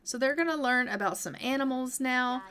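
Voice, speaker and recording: A woman with a high-pitched voice casually walks through her life-simulation gameplay step by step in a let's-play commentary. She's chatty and gentle, occasionally giving her characters voices in quick asides.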